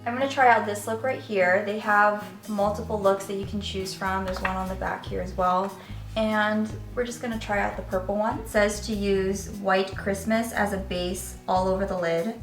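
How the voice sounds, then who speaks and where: A woman's voice: mid-range voice, fairly even intonation, moderate pace. Woman beauty vlogger, casual candid review, echoey room, faint background music. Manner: chatty, candid, explaining step by step. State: voice cracking slightly. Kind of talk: product review and makeup demo.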